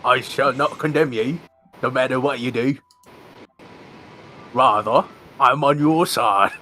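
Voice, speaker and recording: A man's voice: medium pitch, slow, sharp tone, a little hiss or hum. A man voicing a sly, courtly young man who speaks in honeyed, teasing formal phrases, in an amateur game read-through.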